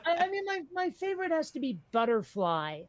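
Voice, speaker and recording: A woman's voice: high-pitched, very animated, moderate pace, no echo. A woman co-hosting a casual chat, blunt and profane, laughing often. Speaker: podcast co-host.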